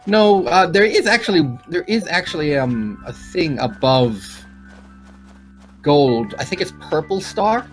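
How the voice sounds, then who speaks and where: A man co-hosting a casual gameplay chat, animated and quick to swear, with sudden jumps in pitch when excited. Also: faint music behind. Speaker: gaming co-host.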